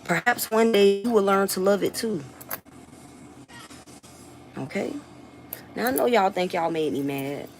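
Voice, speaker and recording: A woman's voice: mid-range voice, animated, measured pace, long pauses, a little hiss or hum, poor audio. A woman with a Southern US accent, a mother, talking straight to her viewers in a blunt, defiant way with plenty of swearing. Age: adult, a mother. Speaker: vlogger and rapper. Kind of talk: casual talk to viewers.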